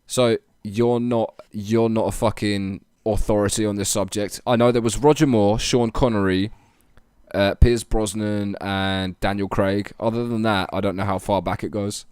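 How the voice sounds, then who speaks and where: Young podcast co-host, teasing and hesitant, dry close mic sound. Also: male voice, on the low side, steady tone, moderate pace, a little mellow, clean tone, no echo. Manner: teasing, hesitant, curious questions. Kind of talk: casual chat. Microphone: own microphone.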